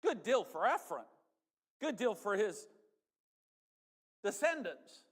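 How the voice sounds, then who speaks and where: A man's voice: high voice, very animated, takes it slowly, breathy edge. A man preaching a sermon in a church, conversational and folksy, speaking straight to the congregation. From northern United States. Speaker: pastor. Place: church sanctuary. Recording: church hall reverb.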